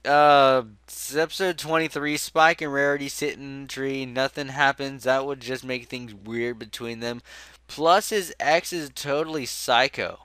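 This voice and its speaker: A young man hosts a podcast in a bright, smooth voice, joking and sarcastic as he reads down a list. The sound is dry and close, with no room echo. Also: medium pitch, steady tone, unhurried. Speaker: podcast host. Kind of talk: casual comedic podcast chat.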